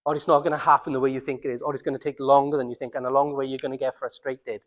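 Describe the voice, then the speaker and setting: A man with a Welsh accent preaching a sermon as pastor, earnest, slowing down and dropping his voice for emphasis. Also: mid-range voice, flat delivery, big-room sound. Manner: earnest, slows down and drops to near silence for emphasis. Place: church.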